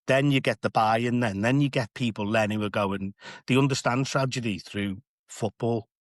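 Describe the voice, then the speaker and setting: A man's voice: medium pitch, moderate pace, no echo, clean studio sound. A man, an assistant head teacher, talking earnestly and reflectively in a podcast discussion, often restarting his phrases.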